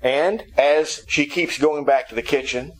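A man's voice: on the high side, unhurried, poor audio. A man preaching a sermon who explains scripture through humorous storytelling.

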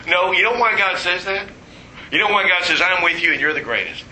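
Male preacher, higher voice, very bright tone, echoey hall sound, animated storytelling. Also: fairly quick, slight background noise. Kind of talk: sermon with humor.

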